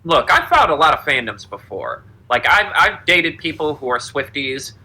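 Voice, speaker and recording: A young man co-hosting a podcast, chatting casually in an animated, rambling, profane way. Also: fairly high pitch, moderate pace, rough recording. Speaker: podcast co-host. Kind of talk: casual chat.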